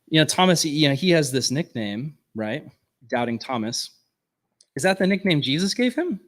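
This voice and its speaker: A man's voice: a little high, sing-song, moderate pace, fairly bright tone. A man teaching at a ministry workshop in an earnest, conversational way, often checking in with "right?". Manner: earnest, casual phrasing with frequent "right?" asides.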